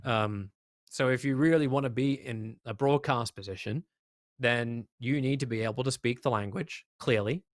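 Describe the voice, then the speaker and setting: A man with an Australian accent, an esports caster chatting as a guest in an interview, emphatic and lively with lots of fillers. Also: mid-range voice, moderate pace, no echo, studio quality. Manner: animated, emphatic, many fillers. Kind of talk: casual interview chat.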